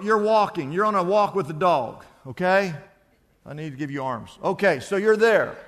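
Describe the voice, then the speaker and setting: A man preaching a sermon, acting out the characters in his illustrations. His voice sits high for a man. It rings with the long reverb of a large hall. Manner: animated storytelling preacher, acting out scenes. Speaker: pastor.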